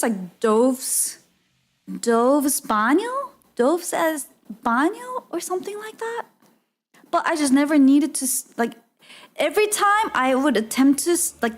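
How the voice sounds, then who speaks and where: A woman streamer telling a travel story in casual live-stream chat, laughing often and filling her talk with "like". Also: sits high. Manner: chatty, laughs often, lots of "like" fillers.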